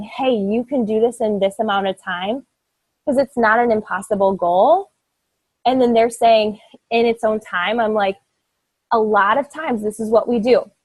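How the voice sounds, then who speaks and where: Earnest husky young woman coach. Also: a little high, a little slow, dry recording, rough recording. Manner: earnest, emphatic, rambling with many "like"s. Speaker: fitness team coach. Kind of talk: motivational talk to her team.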